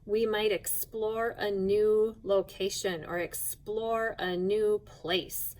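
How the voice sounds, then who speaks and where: A woman teaching a phonics lesson to young children, speaking slowly and clearly and spelling out each sound with patience. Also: mid-range voice, fairly even intonation, darkish tone, poor audio.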